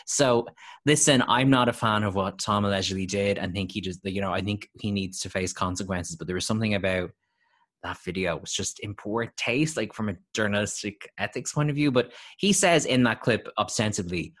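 An Irish man guesting on a podcast, his voice a bit low. He recounts events in a measured, thoughtful way and hedges often. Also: fairly bright tone. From Ireland. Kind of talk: casual chat.

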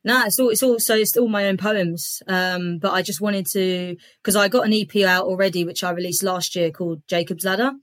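A woman's voice: mid-range voice, steady tone, fairly quick, few pauses, no room sound. A woman comedian and writer chatting as a guest, upbeat and talking in long run-on strings. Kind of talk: casual interview chat.

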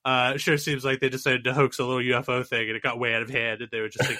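A man's voice: mid-range voice, level tone, quick pace, sharp tone, dry recording. A man co-hosting a podcast in casual comedic chat, rambling and building jokes with asides. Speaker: podcast co-host.

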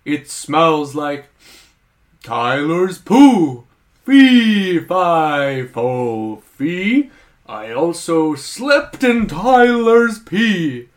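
A man playing a clumsy, friendly male giant in a comedy sketch, speaking in slow, goofy sing-song rhymes. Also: fairly high pitch, very animated, full character voice.

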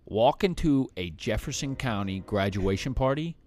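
A man's voice: medium pitch, normal speed. A young man co-hosting a podcast, telling stories in casual chat and swearing freely. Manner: animated storyteller, swears freely. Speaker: podcast co-host.

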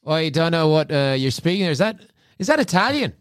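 A man's voice: fairly high pitch, sing-song, a little fast, dry recording, studio quality. A man playing a tabletop game, chatty and laid-back, often laughing. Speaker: player. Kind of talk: casual role-play chat.

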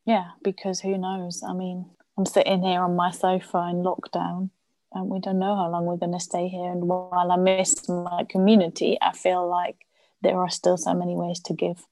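Low, reflective woman talking from home. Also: completely flat delivery, mellow, no room sound. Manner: reflective, halting with repeated restarts. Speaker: guest. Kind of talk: remote interview chat. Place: home sofa.

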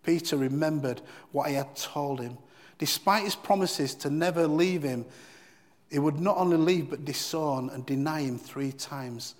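A man's voice: a little high, a little slow, long reverb tail. A man giving a devotional Bible teaching in an earnest, emphatic way, often repeating key phrases.

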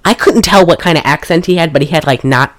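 A woman's voice: deep voice, quick pace. A young woman hosting a casual chat, retelling a film's scenes in a rambling, profane way. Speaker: podcast host reviewing a film.

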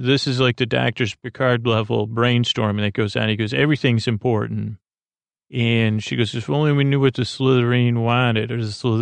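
A man hosting a bedtime podcast, retelling a TV episode in a meandering, halting way full of ums and restarts. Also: gravelly, dry recording. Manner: low-key, unhurried. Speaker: podcast host.

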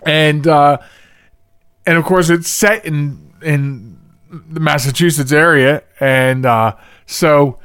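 A man's voice: a little high, slow pace, a bit bright, clear, resonant tone, no room sound, studio quality. A man from the Philadelphia area hosting a podcast alone, chatting casually in a rambling way, often restarting his sentences and laughing at himself. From Philadelphia region. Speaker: podcast host. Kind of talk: casual solo podcast chat.

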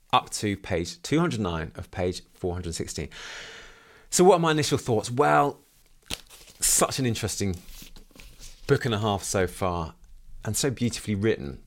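A man hosting a book podcast, musing reflectively on a novel and asking himself questions as he goes. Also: lowish voice. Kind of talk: book review monologue with read-aloud passages.

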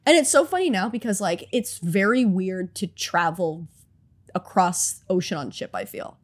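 A woman's voice: fairly low pitch, lively intonation, moderate pace, husky. A woman co-hosting a podcast in casual chat, wry and joking with self-mocking asides. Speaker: podcast co-host.

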